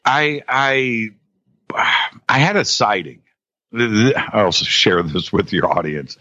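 A man in casual conversation as a guest, talking in halting bursts with many restarts and repeated words. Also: lowish voice, lively intonation, sharp tone, no echo. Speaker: podcast guest. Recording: dull lo-fi audio.

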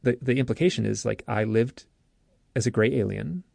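A man, an author and interview guest, telling a story in an earnest, lively way, often restarting his sentences. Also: medium pitch, normal speed, gravelly, no echo. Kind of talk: animated storytelling.

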